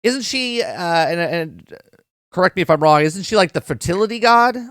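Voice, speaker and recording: A man's voice: high-pitched, animated, normal speed, a bit bright, smooth, no echo, studio quality. Chatty man rambling through a show review. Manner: rambling, repeats words, addresses chat, swears casually. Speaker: podcast host reviewing a TV episode. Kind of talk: casual live-stream review.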